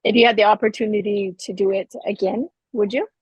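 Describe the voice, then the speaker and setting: A woman's voice: mid-range voice, steady tone, brisk, darkish tone, husky, dry recording, dull audio. A woman co-hosting a casual podcast, blunt and teasing with her co-host.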